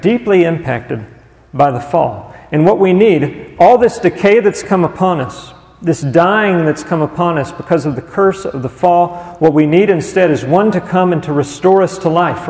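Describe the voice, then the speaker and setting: A man preaching a sermon as pastor, asking the congregation rhetorical questions and slowing down to linger on listed words. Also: sits high, darkish tone, big-room sound, rough recording.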